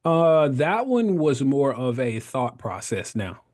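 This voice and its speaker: A man's voice: medium pitch, very animated, slow pace, darkish tone. A man in his thirties, a podcast guest, telling his story in casual conversation, laughing often and acting out the voices he quotes.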